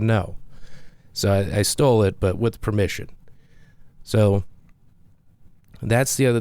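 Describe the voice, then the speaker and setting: A man's voice: fairly low pitch, darkish tone, no room sound. A man, a comedian, telling a rambling, self-deprecating story in a casual monologue with frequent restarts.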